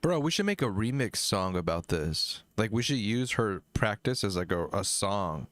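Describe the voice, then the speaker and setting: A man's voice: fairly low pitch, animated, moderate pace, faint music behind. A man streaming live, making crude jokes over a video and drinking as he talks. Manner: crude joking, sudden loud yells. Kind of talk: casual livestream commentary.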